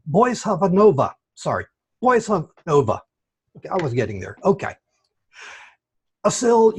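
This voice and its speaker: A man evaluating a speech at an online club meeting, giving encouraging feedback in slow, deliberate phrases over a video call. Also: high-pitched, a little mellow, husky. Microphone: computer mic on video call.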